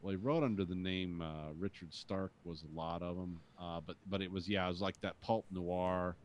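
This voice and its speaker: A man with a low voice talks casually, rambling and loose. He drops in the odd curse word while chatting about a film with a co-host. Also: steady tone, normal speed, a little hiss or hum. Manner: laid-back, rambling, profane. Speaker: podcast co-host. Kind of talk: casual movie chat.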